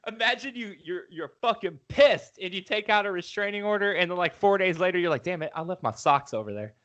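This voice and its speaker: A man co-hosting a podcast, chatting casually, excitable, swearing and acting out little scenes. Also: sits high, a little fast, lo-fi sound. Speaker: podcast co-host. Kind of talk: casual chat.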